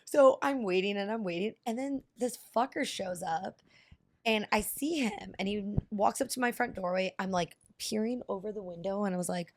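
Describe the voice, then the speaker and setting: A woman in her thirties chatting casually on a podcast, telling an animated story with frequent swearing and laughter between lines. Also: medium pitch, moderate pace. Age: 30s.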